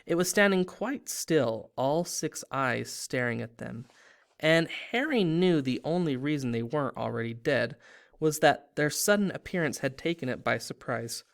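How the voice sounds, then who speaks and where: A man's voice: fairly high pitch, animated, normal speed, vocal fry. A man hosting a read-aloud video, reading a novel aloud with dramatic pacing.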